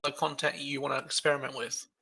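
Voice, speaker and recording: A man's voice: mid-range voice, level tone, fast, creaky, pushed and bright. A man on a podcast chatting casually and easily, starting sentences with small hesitations. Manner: easygoing, uses hesitation fillers. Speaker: podcast host. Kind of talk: casual chat.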